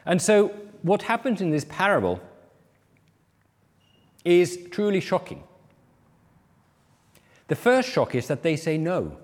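A man's voice: high-pitched, huge pitch swings, slow, pauses often. Man preaching in a reverberant hall. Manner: explanatory, acts out quoted speakers. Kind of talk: sermon on a parable.

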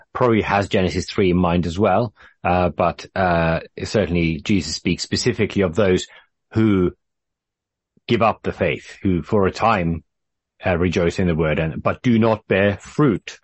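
A man leading a group Bible study, patient and measured, with frequent fillers and restarts. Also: sits low, slightly rough, no echo.

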